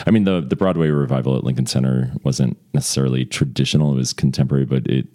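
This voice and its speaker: Very deep-voiced, playful man. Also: fairly even intonation, fast talker, warm tone. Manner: playful, laughs often, agreeable. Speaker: guest, stage actor and singer. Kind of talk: casual chat.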